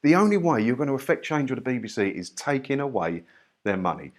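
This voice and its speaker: A man's voice: mid-range voice, big pitch swings, fast talker. A man from the UK giving a persuasive rant to his viewers. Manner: ranting, persuasive. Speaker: YouTuber. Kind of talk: opinion rant to camera.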